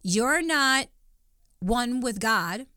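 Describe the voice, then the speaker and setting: A woman's voice: on the high side, expressive, very slow, pushed and bright, no echo. A woman co-hosting a Christian podcast, speaking in an emphatic, preachy way and often repeating words as she starts sentences. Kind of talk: faith-based conversational teaching.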